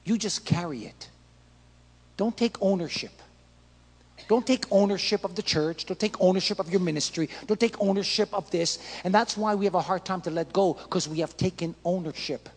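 Raspy preacher in a reverberant hall. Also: male voice, high-pitched, normal speed. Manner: impassioned preaching, acts out prayers and dialogue. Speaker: pastor. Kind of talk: sermon.

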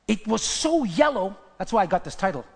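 A male pastor preaching a sermon, emphatic, repeating his key phrases and swinging from hushed to loud. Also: high-pitched, very animated, fairly quick, gravelly, breathy edge. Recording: long hall reverb.

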